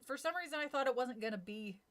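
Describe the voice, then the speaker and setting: A woman's voice: high-pitched, lively intonation, fast talker, a bit bright. Giggly woman reading aloud. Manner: giggly, chatty, breaks off to comment and laugh. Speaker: streamer reading a children's horror book aloud. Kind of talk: casual read-aloud stream with chat tangents.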